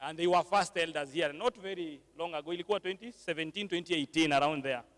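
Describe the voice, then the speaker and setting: High-voiced man in a reverberant hall. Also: fast talker, a bit bright. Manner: mixes English with Swahili, frequent fillers and tag questions. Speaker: panel moderator at a church alumni service. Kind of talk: moderating a church panel discussion.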